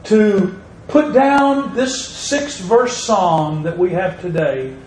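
A man's voice: high-pitched, a little mellow. A man preaching a sermon in a church, stretching out words and leaning hard on key phrases. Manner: slow, emphatic preaching with drawn-out words and rising stresses. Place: church sanctuary. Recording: echoey room with faint ambience.

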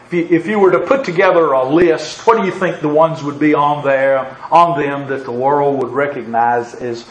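A preacher with a notably high voice delivers his sermon in a rising, emphatic cadence. He quotes scripture and presses his points home. The sound carries the ring of a reverberant room. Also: normal speed.

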